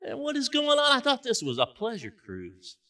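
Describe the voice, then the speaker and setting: Man putting on rattled fishermen in a storm, chatty then yelling, swinging pitch, heard from afar. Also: sing-song, moderate pace, creaky, breathy edge, full character voice. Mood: panicked. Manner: chatty, then frantic and shouting. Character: jittery fishermen disciples, adult men, easily rattled. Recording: voice from a distance.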